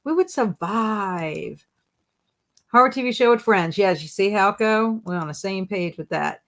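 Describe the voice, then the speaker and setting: A woman's voice: mid-range voice, lively intonation, measured pace, fairly bright tone. Chatty woman reading viewer comments. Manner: reads viewer comments aloud and answers them chattily; laughs often, playful. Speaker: livestream host. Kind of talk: casual live-stream chat.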